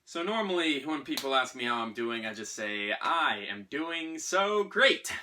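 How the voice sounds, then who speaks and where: A man performing a comedic dramatic monologue as a gloomy, self-pitying man telling a bleak anecdote in a sardonic, deadpan way. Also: medium pitch, a little fast. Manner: sardonic, deadpan, with bursts of exasperation.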